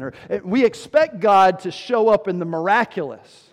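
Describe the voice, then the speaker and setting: High-voiced pastor preaching emphatically. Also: male voice, normal speed, hardly any pauses, big-room sound. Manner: emphatic, with rhetorical questions and sudden drops in volume. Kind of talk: sermon.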